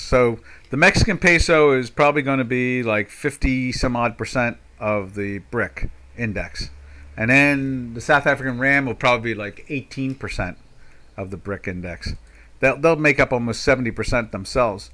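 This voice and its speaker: A man's voice: medium pitch, normal speed, sharp tone. Folksy older man rambling over charts. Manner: rambling, folksy, sarcastic asides. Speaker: market commentator. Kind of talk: live trading commentary.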